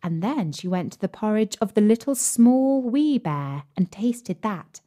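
A woman reads classic fairy tales aloud at a very slow, deliberate pace, made for English learners. Her pitch sits in a plain middle range, and she tends to drop soft toward the ends of passages. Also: lively intonation. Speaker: storyteller.

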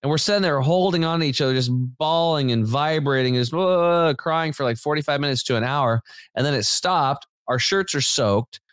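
A man talks as a podcast guest, telling a story in a loose, rambling way with plenty of "like" and "dude". His voice sits in a middle pitch. It sounds dry, with no room echo. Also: a little fast. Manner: rambling and animated, many fillers and restarts; informal, says "dude" and "like". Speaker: podcast guest, health company founder. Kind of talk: casual storytelling in conversation.

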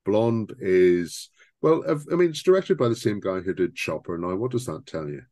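Deep-voiced man, dry sound. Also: expressive, normal speed, warm tone, no room sound. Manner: opinionated, rambling with restarts. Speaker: podcast co-host. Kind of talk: casual film discussion.

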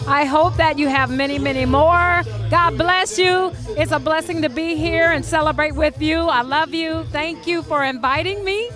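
Gracious female guest, very high voice, music under. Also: normal speed, hardly any pauses, fairly bright tone. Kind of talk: recorded birthday greeting.

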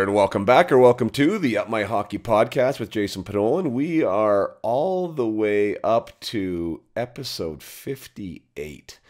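A middle-aged man hosting a podcast, introducing the episode and his guest in an upbeat way with frequent fillers. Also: deep voice. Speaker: podcast host.

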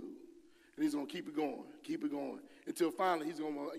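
A middle-aged man preaching a sermon in a church, talking lively and acting out the voices of the people he quotes. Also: fast, gravelly. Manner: lively, acts out quoted voices with big swings in pitch and volume. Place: church sanctuary. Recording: long hall reverb.

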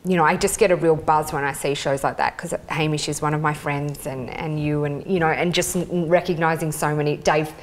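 A woman interviewing a guest, speaking effusively in halting phrases full of fillers. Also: sits low, fairly even intonation, a little hiss or hum. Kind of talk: casual interview.

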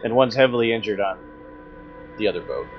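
A man's voice: lowish voice, a little fast, highs cut off, soft background music. Man running a tabletop game. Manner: explains rules patiently, describes combat. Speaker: game master.

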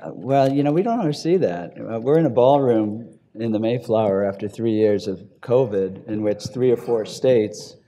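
Panelist, man, mellow voice, lively anecdotes in a ballroom. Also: fairly low pitch. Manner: animated storyteller, quick asides and chuckles. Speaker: panelist, advocacy group leader. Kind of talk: panel discussion. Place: hotel ballroom.

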